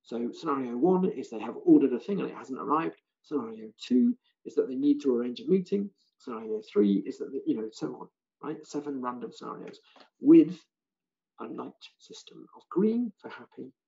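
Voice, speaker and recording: A British man, a language teacher trainer, giving an animated online seminar talk and acting out other people's lines. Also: mid-range voice, moderate pace, vocal fry, lo-fi sound. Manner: animated, acts out students' and callers' lines.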